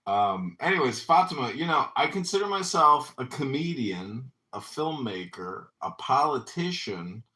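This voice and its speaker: Bright-voiced man rambling on a podcast. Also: medium pitch, very animated, measured pace, few pauses. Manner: rambling, boastful, laughing often. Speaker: podcast host. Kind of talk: casual group chat on an audio space.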